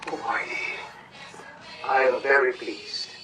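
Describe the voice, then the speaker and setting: An actor playing a stern, militant middle-aged father in a film scene, speaking in a measured, solemn way. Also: mid-range voice, level tone, music in the background, natural voice.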